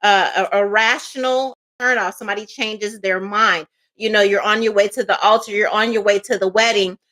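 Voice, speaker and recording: A woman gives a casual tarot reading in a loose, chatty storytelling style, packed with fillers and asides. Her mid-range voice is steady and a bit bright, and she keeps a moderate pace.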